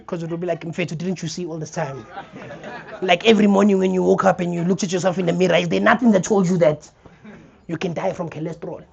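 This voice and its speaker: A man's voice: high voice, fast, gravelly, dull audio, some chatter behind. A young man with a South African accent performing a stand-up comedy set, acting out scenes as he tells stories. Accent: South African English. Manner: animated storytelling, acts out scenes. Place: comedy theater stage.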